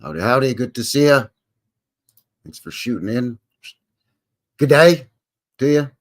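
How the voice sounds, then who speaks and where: Speaking a little slowly in an expressive, mid-range voice, an older man with a Canadian accent runs a live stream. The chat is casual, and he meanders along in a folksy, joking style with slang-filled asides.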